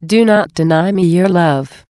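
A woman voicing Jesus as a gentle, loving divine speaker, in a slow, measured devotional reading. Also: on the low side, no room sound, studio quality, lightly acted. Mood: tender.

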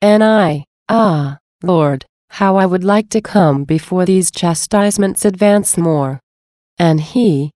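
A woman reads a devotional diary aloud in a measured, earnest manner. Her voice sits low and mellow, and the recording is close and dry. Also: dry recording.

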